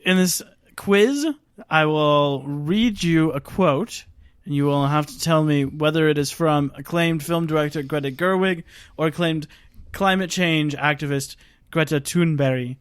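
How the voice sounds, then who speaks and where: A man hosting a casual film podcast, running a quiz with relaxed, filler-heavy talk. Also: fairly high pitch, unhurried, clear, resonant tone, no room sound, clean studio sound.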